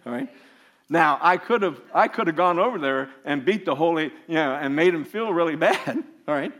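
A man's voice: a little high, fairly bright tone. A man preaching a sermon as an informal story, laughing often and restarting his sentences. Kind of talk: anecdotal sermon.

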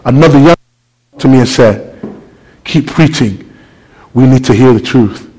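A man preaching a sermon, telling a story with lively, animated delivery that climbs toward near-shouting. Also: mid-range voice, a little slow, slightly rough, low-quality recording. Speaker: pastor.

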